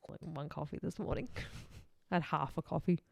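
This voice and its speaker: Chatty, lower-pitched podcast host woman. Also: fairly even intonation, normal speed, vocal fry, background noise. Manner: chatty, laughs often, swears casually. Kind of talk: casual true-crime podcast chat.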